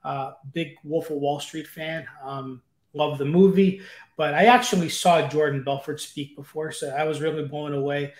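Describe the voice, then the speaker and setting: A man's voice: a little high, fairly even intonation, normal speed. A man as an interview guest, chatting eagerly and rambling with lots of fillers. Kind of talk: casual interview chat. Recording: roomy echo.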